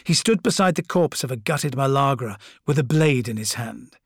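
A man's voice: mid-range voice, lively intonation, moderate pace, husky, dry recording. Male narrator, scripted fantasy audiobook reading, dramatic, dry close sound.

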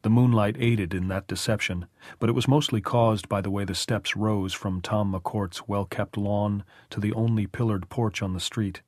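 Guy narrating an audiobook, lowish voice, dry studio. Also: fairly even intonation, moderate pace, no echo. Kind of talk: scripted narration.

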